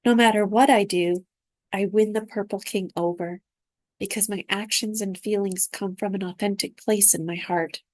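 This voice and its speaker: A woman reading aloud from her own spiritual dream journal in a soft, unhurried, reflective way. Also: medium pitch, fairly even intonation, no room sound.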